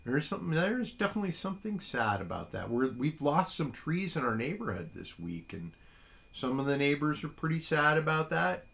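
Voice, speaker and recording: A man's voice: on the high side, big pitch swings, moderate pace, gravelly, fairly bright tone. A middle-aged man hosting a casual solo podcast, rambling and self-deprecating with lots of fillers. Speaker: podcast host. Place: small home studio.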